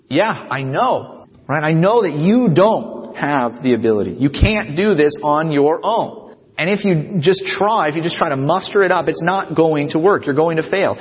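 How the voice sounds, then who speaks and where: A man's voice: a little high, lively intonation, moderate pace. Preaching man in an echoing hall. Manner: earnest, repeats "right?" to the congregation. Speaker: pastor. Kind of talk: sermon. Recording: dull sound with long reverb of a hall.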